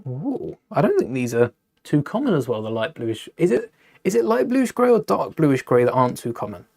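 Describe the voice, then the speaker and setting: Man, young adult, slightly high-pitched, casual live-stream chat, thinks aloud, self-correcting. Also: big pitch swings, moderate pace, gravelly, darkish tone.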